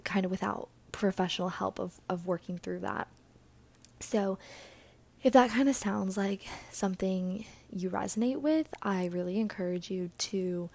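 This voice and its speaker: A young woman hosting a casual solo podcast, chatty and earnest, sounding a bit out of breath and breathy, with words often trailing off into a whisper. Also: mid-range voice, darkish tone. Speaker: podcast host.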